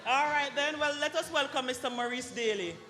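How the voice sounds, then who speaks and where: A woman hosting an awards dinner, calling up recipients with playful jokes and quick apologies for her slips. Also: high voice. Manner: lively, joking, apologizes for slips. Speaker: awards ceremony host. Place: banquet hall at an awards dinner. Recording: long hall reverb with loud music.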